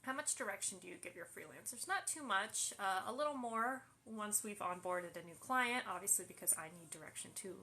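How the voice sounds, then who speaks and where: Bright-voiced woman answering live questions. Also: mid-range voice, expressive, brisk, few pauses. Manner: reads questions aloud then answers, many fillers. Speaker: host answering viewer questions. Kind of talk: casual live Q&A. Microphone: phone livestream.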